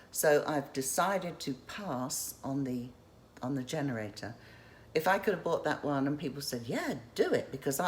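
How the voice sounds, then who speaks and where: A woman's voice: a bass voice, darkish tone, slight background noise. A woman, chatting in a rambling, casual vlog as she shows what she has stored. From England. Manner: chatty, rambling, self-interrupting. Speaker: vlogger. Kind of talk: casual show-and-tell vlog.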